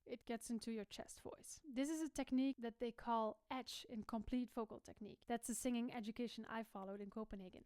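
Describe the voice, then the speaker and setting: Bright, clear-voiced woman vocal coach. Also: fairly high pitch, brisk, few pauses, no room sound. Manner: demonstrative, switching between explaining and sung or spoken examples. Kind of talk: singing lesson.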